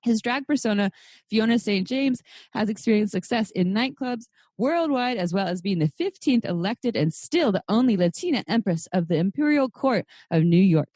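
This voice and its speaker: A woman's voice: medium pitch, expressive, normal speed, darkish tone, dry recording, studio quality. A woman hosting a podcast, giving upbeat, friendly introductions and reading a guest's bio. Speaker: podcast host.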